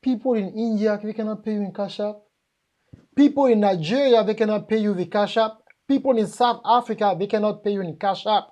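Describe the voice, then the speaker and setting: A woman's voice: mid-range voice, fairly quick, mellow. A woman with a French accent giving a live seminar talk on business, emphatic and joking as she addresses the audience directly. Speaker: business speaker.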